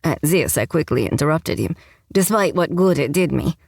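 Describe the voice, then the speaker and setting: A woman's voice: sits low, animated, moderate pace, creaky, a little mellow, slightly rough, dry recording. A woman narrating a first-person romance audiobook with a wry, sarcastic tone, on a close mic.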